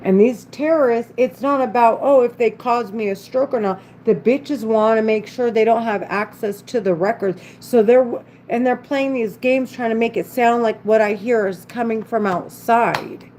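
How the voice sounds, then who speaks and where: A woman ranting in a long unscripted monologue, her voice sitting a little high. She sounds agitated and rambles, swears often and breaks off mid-sentence, with faint room noise behind her. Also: moderate pace, hardly any pauses, darkish tone, rough recording. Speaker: vlogger.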